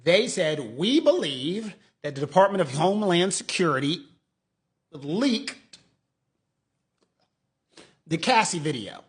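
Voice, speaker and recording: An animated middle-aged man talking through legal news in a casual, mocking way. He acts out quotes and pokes fun. His voice sits a little high for a man. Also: takes it slowly, pauses often. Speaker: lawyer commentator.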